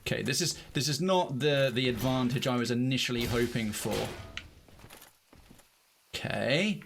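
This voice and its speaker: A man giving casual, self-mocking commentary while streaming a game, breaking into excited outbursts. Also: mid-range voice, moderate pace, vocal fry, noisy background.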